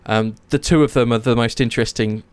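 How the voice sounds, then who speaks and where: Animated man telling myths. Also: medium pitch, fairly quick, clear, resonant tone. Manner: animated storytelling, swears, acts out quotes. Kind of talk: casual chat.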